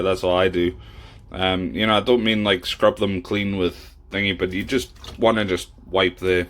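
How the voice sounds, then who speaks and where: A man hosting a casual home cooking video, talking in a chatty, rambling way with many fillers, recorded on a camera in a kitchen. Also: on the low side. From Scotland. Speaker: podcast host.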